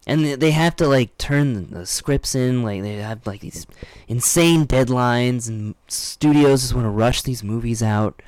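A man's voice: mid-range voice, unhurried, clear, resonant tone, dry recording. A young man co-hosting a podcast, talking casually and rambling through fillers. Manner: rambling, relaxed, trails off into fillers. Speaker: podcast co-host. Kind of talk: casual chat.

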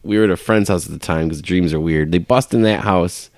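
A man in casual, crude chat with a friend, laid-back and swearing, with sudden loud bursts when a story gets going. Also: low-pitched, brisk, no room sound, clean studio sound.

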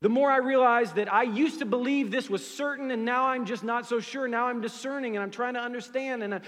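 A man preaching a sermon as pastor, swinging between loud emphatic lines and soft hushed ones. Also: extremely high pitch, fairly quick, long reverb tail. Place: church sanctuary.

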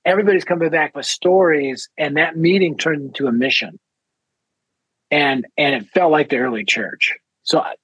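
A man telling a lively story as a guest speaker in an interview. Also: fairly high pitch, breathy edge, no echo, poor audio. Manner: energetic storyteller, quick and lively. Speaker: ministry founder and guest speaker.

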